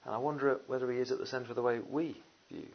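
A man delivers a sermon in a husky, slightly breathy voice at a middling pitch. He talks in a loose, conversational way, full of "uh" and "you know" and little jokes. The recording sounds dull and muffled. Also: quick pace. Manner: animated, jokey asides, frequent "uh" and "you know". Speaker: preacher.

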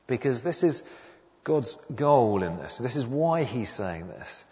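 A man's voice: mid-range voice, sing-song, unhurried, a little hiss or hum. A man preaching a sermon in an earnest, emphatic way, repeating key phrases for weight. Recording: dull sound with long hall reverb.

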